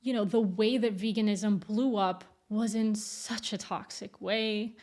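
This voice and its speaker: A young adult woman talking candidly to camera as a YouTuber, blunt and quick to laugh. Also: medium pitch, steady tone, darkish tone. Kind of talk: casual commentary to camera.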